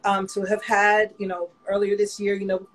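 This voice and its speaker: A woman's voice: mid-range voice, moderate pace, poor audio. Woman designer talking candidly in a chat. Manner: candid, animated storyteller, lots of fillers. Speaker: fashion designer guest. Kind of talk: casual conversational interview.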